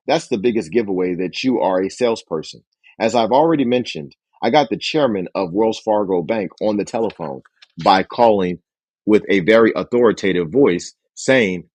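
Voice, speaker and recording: Male host reading a sales book; low husky voice, lively intonation, dry close sound. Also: normal speed, no room sound. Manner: acts out phone dialogue with raised pitch for characters.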